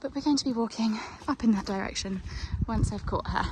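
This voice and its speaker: A woman's voice: a little high, fairly quick. A woman vlogging on her phone while walking her horse outdoors, chatty and cooing to the horse, a little out of breath. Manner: chatty, coos baby talk to her horse. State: out of breath from climbing a hill. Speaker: equestrian vlogger. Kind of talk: casual vlog narration while walking a horse. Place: outdoors at a horse yard and on hills. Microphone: phone held while filming. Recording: outdoor phone audio with clear background noise.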